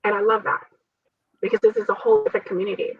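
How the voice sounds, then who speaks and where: Racing along in a very animated way, a woman with a husky, medium-pitched voice describes surviving a transplant. Her interview is earnest and full of faith, punctuated by lots of laughter, with no echo. The distant mic makes it sound dull and dry.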